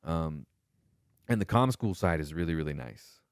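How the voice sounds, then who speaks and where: A man co-hosting a casual podcast, telling stories with lots of swearing and animated quoted voices. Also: very deep voice, normal speed, clean tone, dry recording, studio quality. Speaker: podcast co-host, former Marine. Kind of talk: casual storytelling chat.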